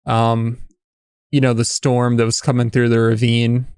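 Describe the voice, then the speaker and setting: A man talks through a show episode in relaxed casual chat, his pitch staying level and flat. His voice is smooth and clear. It sits dry and close to the mic, with many fillers and restarts. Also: measured pace, dry recording. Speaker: podcast co-host.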